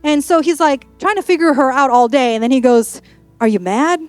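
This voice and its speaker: A woman's voice: high-pitched, fairly quick, darkish tone, no echo, faint music behind. A woman pastor preaching a sermon in a church, in a playful, conversational way with acted-out asides.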